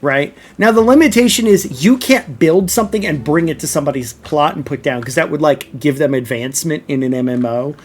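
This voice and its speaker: A man's voice: fairly high pitch, brisk, few pauses, slight background noise. A man streaming a video game, explaining it in casual, rambling commentary full of fillers and "right?" check-ins.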